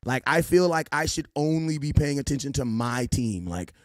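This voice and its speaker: A man hosting a casual sports livestream, shouting out viewers by name and teasing them like a preacher. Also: medium pitch, animated, no echo, clean studio sound. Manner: rapid shout-outs to viewers, playful preacher-style teasing. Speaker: livestream host.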